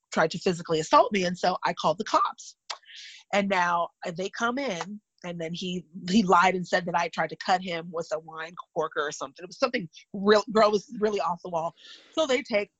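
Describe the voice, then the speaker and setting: On a low-quality recording, a woman with a fairly low, breathy-edged voice retells personal stories candidly and animatedly in casual conversation, adding vivid asides. She's from California and in her thirties.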